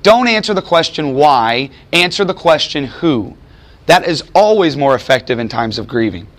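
Teaching from a Bible passage, a man preaches with a fairly high pitch and lively intonation. He poses emphatic rhetorical questions and slows his delivery on purpose to stress key points.

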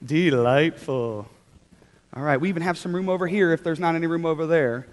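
A young man leading a children's church talk, upbeat and animated, coaxing the kids to join in. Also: a little high, racing. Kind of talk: children's sermon. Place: large church hall with children. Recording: hall reverb.

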